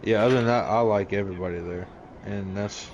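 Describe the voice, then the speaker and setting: Man with a lower voice, laid-back chat, noisy recording. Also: fairly even intonation, fairly quick, a little mellow. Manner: laid-back, agreeable storytelling about coworkers. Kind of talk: casual chat. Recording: audible background noise.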